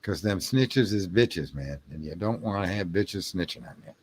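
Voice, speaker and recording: Rambling, lively-voiced man. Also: low-pitched, normal speed, a little hiss or hum. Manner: rambling, profane, jokey banter with chat. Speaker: livestream host reading chat. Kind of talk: late-night casual livestream chat.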